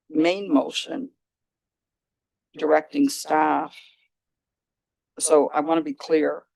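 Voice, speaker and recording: A man, a city councillor, asks hesitant, halting questions during a council debate in a council chamber, speaking into a desk microphone. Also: a little high, vocal fry, a little mellow, no room sound, rough recording.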